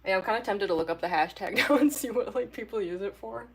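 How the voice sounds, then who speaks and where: A woman's voice: medium pitch, quick pace, husky. A young woman chatting casually with her viewers during a drawing livestream. She giggles often and talks in a loose, rambling way with lots of fillers. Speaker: artist livestreamer.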